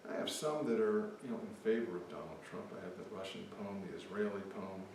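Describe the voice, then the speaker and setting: A poet giving a live poetry reading, with chatty, offhand asides between poems. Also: male voice, lowish voice, a little fast, darkish tone, far from the mic, slight background noise. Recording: echoey hall, mic from afar.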